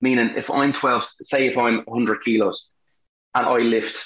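Animated irish man, echoey dull sound. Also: mid-range voice, normal speed. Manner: animated storyteller, acts out quotes. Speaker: guest, actor. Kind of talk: casual chat.

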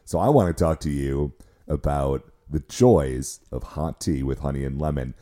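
An American podcast co-host with a very low, hoarse voice roughened by a cold. His tone is dark and mellow, and he keeps the talk relaxed and jokey. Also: moderate pace. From United States. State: hoarse, deep sick voice. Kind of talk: casual chat.

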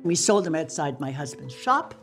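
Lively older Irish woman telling stories. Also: deep voice, moderate pace, over music. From Ireland. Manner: lively storyteller who acts out quoted dialogue and laughs. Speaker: interviewee. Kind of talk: recounting personal memories.

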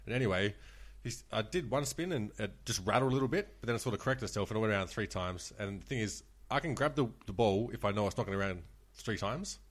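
Brief: Australian man, ex-dealer, casual, brisk and laughing. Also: on the low side, expressive. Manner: fast, swearing, laughing often. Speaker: guest, former casino dealer. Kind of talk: casual storytelling.

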